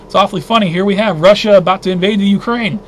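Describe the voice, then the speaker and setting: Indignant high-voiced man reading news. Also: fairly even intonation, quick pace, a little hiss or hum. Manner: agitated, indignant, thinking aloud with restarts. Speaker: host of a weekly news briefing. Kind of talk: casual news roundup commentary.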